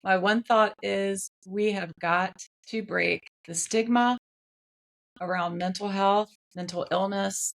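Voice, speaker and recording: A woman's voice: mid-range voice, steady tone, takes it slowly, gravelly, fairly bright tone. A woman speaking as a podcast guest in casual chat, earnest and candid. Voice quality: earnest, candid, laughs easily. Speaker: podcast guest, speech-language pathologist.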